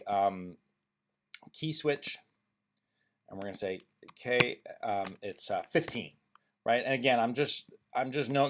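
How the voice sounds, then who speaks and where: A man presenting a music software tutorial, thinking aloud with frequent ums and restarts as he works. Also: on the low side, slight background noise. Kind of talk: screen-recorded software tutorial.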